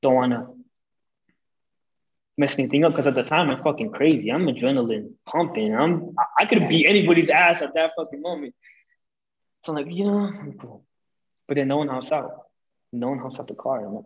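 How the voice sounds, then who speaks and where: A young man, a podcast guest, telling a breakup story in casual chat, animated and full of swearing, acting out what people said. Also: mid-range voice, moderate pace, pauses often, lo-fi sound. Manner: animated, profane, acts out quoted lines.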